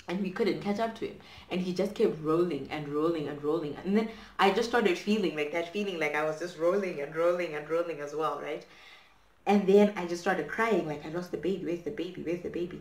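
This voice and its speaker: A young woman from Zimbabwe tells a story at home, chatty and dramatic, full of "like" and "right?". Her voice sits a little low. The room is echoey. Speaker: vlogger. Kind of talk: storytime chat while doing hair.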